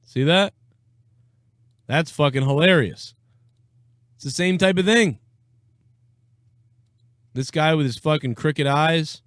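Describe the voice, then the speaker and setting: Slow-paced with long pauses, a young man with a fairly high voice hosts a casual political reaction stream, talking bluntly and sarcastically and swearing plenty. The sound is clean studio audio with no echo.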